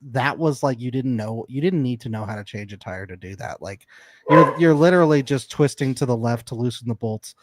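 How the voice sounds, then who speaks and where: A man's voice: mid-range voice, fairly quick, a little hiss or hum. A young man co-hosting a podcast, chatting in a laid-back, wry way. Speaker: podcast co-host. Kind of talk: casual recap chat.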